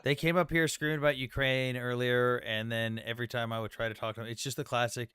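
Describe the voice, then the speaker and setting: A man's voice: medium pitch, level tone, quick pace, hardly any pauses, pushed and bright, smooth, dry recording, studio quality. A man hosting a livestream debate in casual chat, blunt and jokey, swearing freely.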